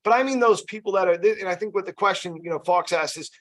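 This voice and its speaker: A man's voice: sits high, fast, a bit bright. A man running a casual sales training session, chatty and loose, often checking in with "you know" and "right?". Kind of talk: casual team training talk.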